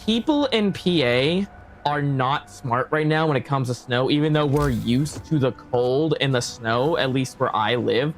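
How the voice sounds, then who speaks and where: A man's voice: medium pitch, unhurried, soft background music. A man streaming a game, talking casually and animatedly, swearing a lot and laughing often. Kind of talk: casual gameplay commentary.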